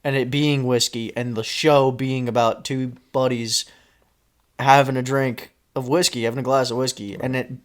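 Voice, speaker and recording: A man hosts a casual podcast about drinks and conversation, teasing his co-host and drifting through loose, rambling stories full of swearing. His voice is at an ordinary middle pitch with fairly even intonation and a normal speed.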